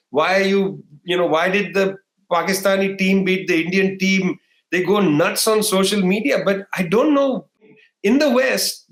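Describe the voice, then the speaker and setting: A man's voice: sits high, reverberant. A middle-aged man giving an interview on politics, talking discursively with many fillers and restarts. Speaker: interview guest.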